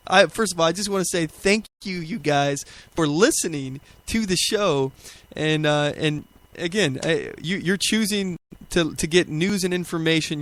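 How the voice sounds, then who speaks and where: A man's voice: a little high, fairly bright tone, no room sound. A man hosting a political podcast, talking casually and rambling with fillers and restarts, a little out of breath. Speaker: podcast host.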